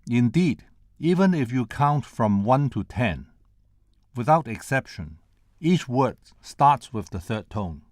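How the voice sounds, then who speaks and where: Slow, deliberate older male lecturer. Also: mid-range voice, very animated, darkish tone, dry recording, clean studio sound. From Hong Kong. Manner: measured and deliberate, sounding out tones and syllables one by one. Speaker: presenter at a conference. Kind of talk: prepared lecture with spoken demonstrations.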